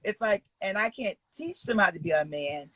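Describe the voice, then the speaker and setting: A woman's voice: mid-range voice, expressive, moderate pace, a bit bright, no room sound. A woman in her forties, a talk show guest, speaking candidly in casual chat and telling personal stories with blunt, emphatic, profane language. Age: 40s.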